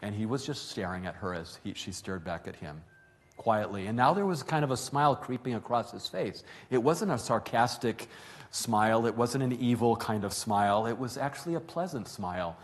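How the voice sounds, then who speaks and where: A man's voice: medium pitch, expressive, normal speed, in a large hall. A man telling a family story to an audience in a conversational way, correcting himself as he goes. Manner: conversational, with fillers and self-corrections.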